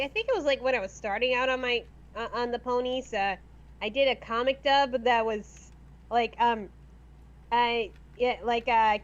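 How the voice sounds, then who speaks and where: High-voiced woman, hesitant and giggly. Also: lo-fi sound. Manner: hesitant, many restarts, giggly. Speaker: guest, voice actor. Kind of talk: casual chat.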